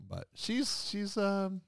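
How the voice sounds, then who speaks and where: A man's voice: high voice, gravelly, no echo. A man chatting casually as a co-host, a father who teases with dry humor and laughs often. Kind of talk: casual profane chat.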